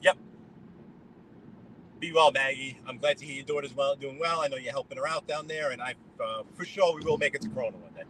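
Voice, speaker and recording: A New York man drives along, casually talking with his live-stream viewers, greeting them by name and drifting from topic to topic. His mid-range voice is fairly quick and slightly bright, and the poor audio picks up road and traffic noise from inside the car.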